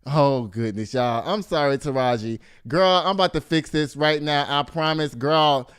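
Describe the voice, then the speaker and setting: A man in his fifties hosting a gossip show in a casual, animated way, full of exclamations and asides to the audience. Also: a little high, moderate pace, clear, resonant tone. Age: 50s. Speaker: show host.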